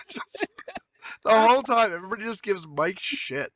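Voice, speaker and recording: A man's voice: sits high, very animated, moderate pace, pauses often, sharp tone, dry recording. A man co-hosting a casual movie review podcast, animatedly acting out characters' lines. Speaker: podcast co-host.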